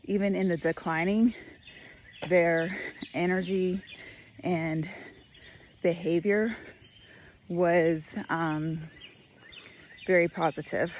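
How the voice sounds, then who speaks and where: A woman's voice: lowish voice, fairly even intonation, slow pace, pauses often, darkish tone, slight background noise. A woman, out of breath while walking outdoors, musing aloud in a casual spoken reflection with many fillers. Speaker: vlogger. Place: outdoors on a walk.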